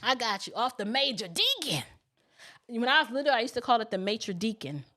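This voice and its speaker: Chatty middle-aged woman hosting a casual livestream, slightly high voice, folksy and talking straight to viewers. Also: big pitch swings, fairly quick, bright, forceful tone. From New York City. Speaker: livestream host.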